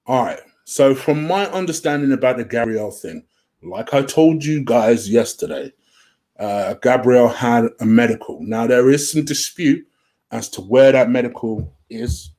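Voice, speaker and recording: A man hosts a home-made football transfer rumour show from a room at home, giving casual solo commentary. He's chatty, easily sidetracked and says "um" a lot, with a mid-range, slightly mellow voice at a moderate pace.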